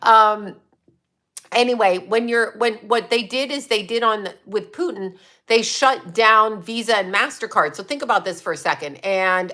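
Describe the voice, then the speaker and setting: Bright-voiced, blunt woman chatting on a livestream. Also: mid-range voice, normal speed. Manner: rambling, blunt and profane, with frequent laughs. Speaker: psychic medium livestream host. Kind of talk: casual livestream chat answering viewers.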